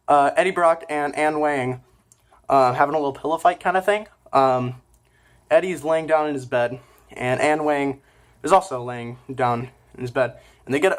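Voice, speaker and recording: A man giving a casual movie review, rambling, with lots of fillers and self-corrections. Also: mid-range voice. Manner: informal and offhand.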